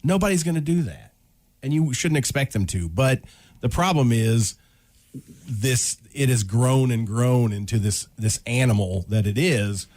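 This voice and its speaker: A man's voice: mid-range voice, expressive, unhurried, a little mellow. A man co-hosting a sports radio show, chatting casually in an agreeable, emphatic way. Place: radio studio.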